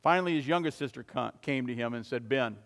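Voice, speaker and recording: A man's voice: medium pitch, fast. Man preaching in an echoing hall. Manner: dramatic storytelling, swelling loud then dropping soft. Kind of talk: sermon illustration story. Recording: long reverb of a large hall.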